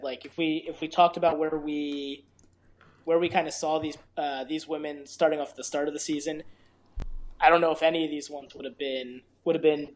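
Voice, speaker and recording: A man co-hosting a casual podcast chat, with dry, wry remarks. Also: on the high side. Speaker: podcast co-host.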